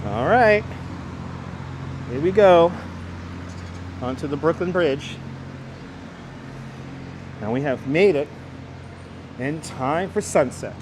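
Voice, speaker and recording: Middle-aged man, light New York accent, high-pitched voice, chatty livestream talk, faint street noise outdoors. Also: lively intonation, slow pace, pauses often. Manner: chatty, reads out and answers viewer comments. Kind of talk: walking livestream chat. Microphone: wireless clip-on mic.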